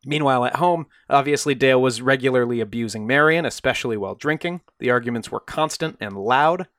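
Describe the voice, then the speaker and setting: A man with a medium-pitched, fairly bright voice speaks briskly while co-hosting a podcast, telling a true crime story conversationally and briefly acting out quoted voices. The audio is studio quality with no room sound.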